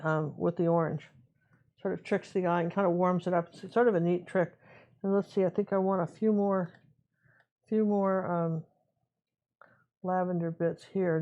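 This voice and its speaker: A woman teaching a live painting lesson, chatting casually and thinking aloud as she works, with a slightly dull recording. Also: on the low side. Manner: relaxed, chatty, talks to herself while working. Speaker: painting instructor.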